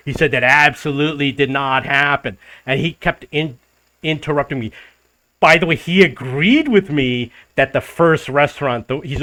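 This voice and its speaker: A man's voice: fairly high pitch, moderate pace. A middle-aged man from the United States, telling a story in a casual monologue and acting out the arguments he quotes. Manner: animated retelling, acts out quoted arguments. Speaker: travel vlogger.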